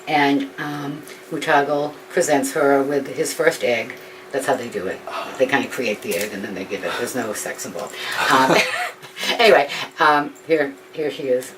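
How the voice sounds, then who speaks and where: A woman retelling a story informally, rambling with frequent ums and restarts. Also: rumbling low. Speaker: author telling her story. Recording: distant mic with faint background noise.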